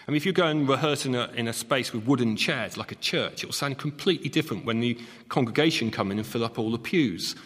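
A man who is an acoustics expert, clearly explaining how halls are designed. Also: mid-range voice, quick pace, hardly any pauses, fairly bright tone. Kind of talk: explaining on a panel. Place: concert hall used as studio. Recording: long concert hall reverb.

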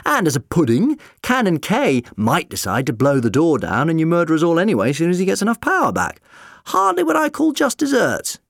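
A man reading aloud, voicing an excitable, playful man who talks fast and jokes under pressure. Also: a little high, creaky, no room sound, studio quality, pitched above the performer's own voice, heavily acted. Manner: rapid, playful, quick-witted. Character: quick, excitable eccentric male time traveller.

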